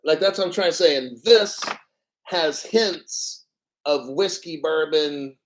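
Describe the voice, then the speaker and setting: A man hosting a casual livestream, rambling and profane and clearing his throat often. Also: fairly high pitch, slow, poor audio. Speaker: crypto livestream host.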